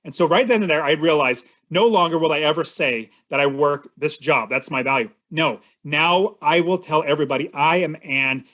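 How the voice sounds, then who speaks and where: A man in his forties with a somewhat high voice tells a personal story as a podcast guest. He builds suspense step by step and speaks earnestly, turning to the host now and then. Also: moderate pace, hardly any pauses, fairly bright tone. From California, US. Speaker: podcast guest, real estate investor.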